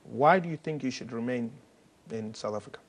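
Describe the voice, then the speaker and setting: A male television interviewer with a voice of middling pitch asks probing questions. He pauses often on fillers while he builds each question. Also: a little hiss or hum. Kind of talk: TV news interview.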